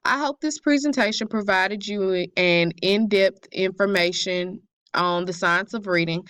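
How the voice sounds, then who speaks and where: A woman's voice: mid-range voice, a bit bright, dry recording. A young woman student reading her class presentation aloud carefully, with occasional slips.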